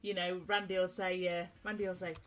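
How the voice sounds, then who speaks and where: A woman's voice: on the low side, flat delivery, a little fast, fairly bright tone. A woman co-hosting a casual radio chat show, telling stories in a chatty, giggly way.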